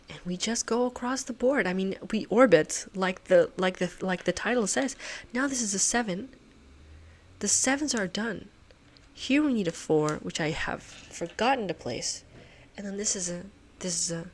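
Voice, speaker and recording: A woman's voice: medium pitch, moderate pace. A woman hosting a puzzle channel, talking to herself as she solves, muttering, swearing and laughing at herself.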